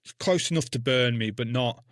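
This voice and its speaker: Mężczyzna, weteran wojskowy, mówi dosadnie i klnie, suchy dźwięk bez pogłosu. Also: male voice, medium pitch, brisk, no echo, studio quality. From England. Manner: blunt, heavy swearing, dark humour. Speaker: guest, army veteran. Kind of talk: casual storytelling interview.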